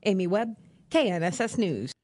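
A woman filing a radio news report in a plain, even way. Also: medium pitch, moderate pace, no echo, clean studio sound.

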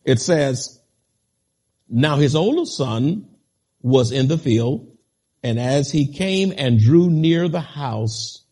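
A man preaching a sermon, reading scripture slowly with heavy stress and building to emphatic, impassioned peaks while calling on the congregation directly. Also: mid-range voice, lively intonation, warm tone, breathy edge.

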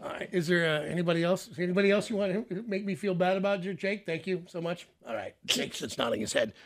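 A man's voice: high voice, fast. A man hosting a morning radio show, joking and teasing callers in rambling banter from the studio.

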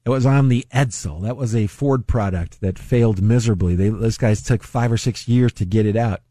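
A man's voice: on the low side, normal speed, mellow, no echo, studio quality. A man hosting a finance radio show, talking casually and laughing often at his own jokes. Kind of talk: casual solo talk.

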